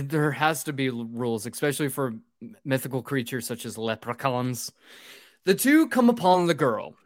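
A man hosting a comedy podcast, recapping a movie plot in a rambling, profane, energetic way. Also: mid-range voice, dry recording, clean studio sound. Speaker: podcast host. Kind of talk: drunk comedy podcast chat.

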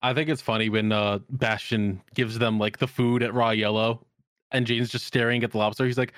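A man's voice: medium pitch, flat delivery, a little fast, a bit bright, no echo, clean studio sound. A man co-hosting a casual podcast, laid-back and swearing. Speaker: podcast co-host.

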